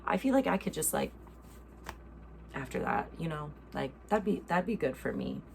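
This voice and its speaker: American woman host, twenties, casual reaction chat, lower voice, playful and gushy, faint background noise. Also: animated, normal speed, vocal fry, darkish tone. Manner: chatty, filler-heavy, playful gushing.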